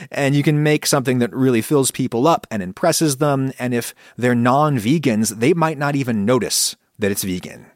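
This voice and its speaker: Male podcast host, reflective monologue, lively intonation, dry booth sound. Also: mid-range voice, dry recording. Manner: conversational, reflective, animated when quoting thoughts.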